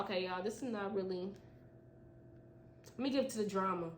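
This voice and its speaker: A woman podcast host reading her own story aloud, breaking off with animated, slangy asides. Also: medium pitch, moderate pace. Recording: echoey room.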